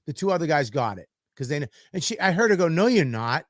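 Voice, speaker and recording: A man's voice: a little high, very animated, fast talker, fairly bright tone, dry recording, studio quality. A man co-hosting a podcast, telling a story in a profane, ranting way. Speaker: podcast co-host. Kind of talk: casual podcast chat.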